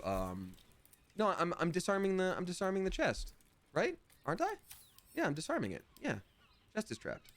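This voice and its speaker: A man streaming a game live, chatting excitedly and reading viewer comments aloud. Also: mid-range voice. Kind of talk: casual live gameplay commentary.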